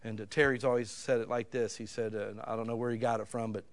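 A man preaching a sermon in a folksy, conversational way, swinging between loud emphatic bursts and quiet asides. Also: mid-range voice, level tone, quick pace. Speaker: pastor.

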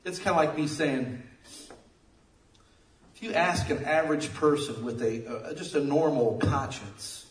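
A man preaching a sermon, telling jokey stories with sudden loud outbursts. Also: fairly high pitch, measured pace, long pauses. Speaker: pastor. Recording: echoey room, mic at a distance.

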